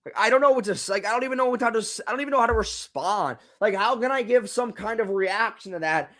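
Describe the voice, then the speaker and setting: Young guy on a live football reaction stream, fed up, keeps repeating himself, kinda high voice. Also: fast talker, a bit bright. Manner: exasperated, repeats himself, swears. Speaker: live game reaction host.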